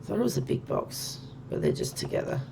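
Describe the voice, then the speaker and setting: A woman's voice: a bass voice, huge pitch swings, fairly quick, vocal fry, noisy background. A woman chatting casually and thinking aloud as she plays a game on stream. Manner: chatty, thinks aloud while counting items. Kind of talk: casual gameplay commentary.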